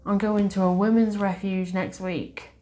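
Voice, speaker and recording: A woman, a tarot reader hosting her channel, telling a personal story to camera in a soft, slow, heartfelt way. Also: mid-range voice, little pitch movement, slight background noise.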